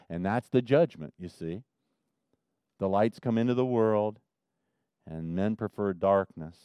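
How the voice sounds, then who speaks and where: A man preaching a sermon as pastor, swinging from loud emphasis to quiet asides. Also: fairly low pitch, smooth, dry recording, studio quality.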